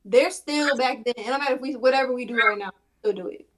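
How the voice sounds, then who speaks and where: A woman on a discussion panel, blunt and argumentative with quick comebacks. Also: a little high.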